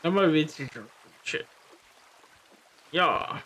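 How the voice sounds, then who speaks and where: A man streaming a game, chatting casually and teasing his friend with quick banter. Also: on the high side, lively intonation, bright, forceful tone, a little hiss or hum, poor audio. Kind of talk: casual gaming chat.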